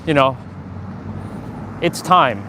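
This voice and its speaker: A man's voice: mid-range voice, expressive, extremely slow, noisy background. A man hosting a casual motivational livestream outdoors, talking earnestly in a rambling way with many fillers and restarts. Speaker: live-stream host.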